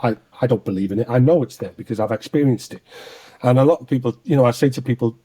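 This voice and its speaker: A man's voice: mid-range voice, rapid-fire. A man, an actor and singer, telling a personal story in a conversation and acting out the voices he quotes. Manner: animated storyteller who acts out quoted voices.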